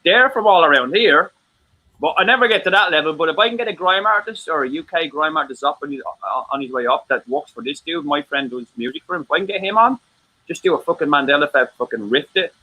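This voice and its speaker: A man's voice: fairly high pitch, expressive, fast, bright, forceful tone, low-quality recording. An Irish man in casual chat, rambling, stammering and swearing freely. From Ireland.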